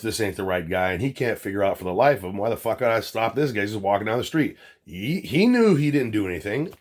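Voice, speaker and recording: Blunt, profane man with a lowish voice. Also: darkish tone. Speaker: channel host, former police officer. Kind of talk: casual commentary vlog.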